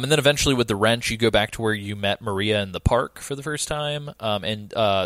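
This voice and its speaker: A man's voice: on the low side, a bit bright, dry recording. Casual swearing man recapping a game. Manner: enthusiastic, swears casually, many ums. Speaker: podcast co-host discussing a game. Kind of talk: casual chat.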